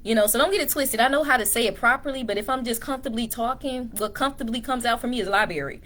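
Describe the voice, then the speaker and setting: Speaking quickly in a voice on the high side and a bit bright, this Texas-accented vlogger from Dallas keeps things relaxed and chatty, addressing everyone as y'all. She's recorded at home in a dim room with a phone camera mounted on a tripod.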